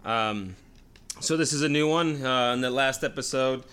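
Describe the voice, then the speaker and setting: Man, mid pitch, casual chat, swears, halting. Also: fairly bright tone, clear, resonant tone. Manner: blunt, swearing, halting restarts. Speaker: podcast co-host.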